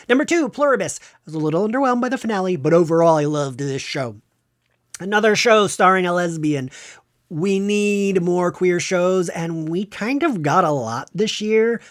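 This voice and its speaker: A man hosting a podcast, counting down his favorite shows of the year in a casual, gushing, enthusiastic way. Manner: gushing, enthusiastic fan talk with excited jumps in pitch. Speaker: podcast host. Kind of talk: casual pop-culture countdown monologue.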